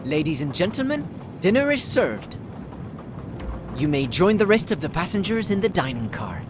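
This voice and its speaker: An actor voicing a polite bar and dining-car attendant in a video game, speaking in a formal, deferential way. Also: male voice, sits high, big pitch swings, normal speed, background noise. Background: game music.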